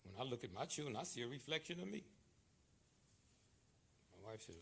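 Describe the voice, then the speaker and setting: A man giving an impassioned, sarcastic lecture, swinging between shouting and hushed asides. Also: mid-range voice, sing-song, quick pace, vocal fry, long pauses, husky. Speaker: public speaker. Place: lecture hall.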